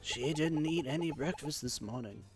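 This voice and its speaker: A man's voice: fairly high pitch, normal speed, soft background music, lightly acted. A man doing a fussy chef with a mock French accent. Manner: voices his own lines in a put-on accent he admits he can't do. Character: adult male French chef, proud and fussy.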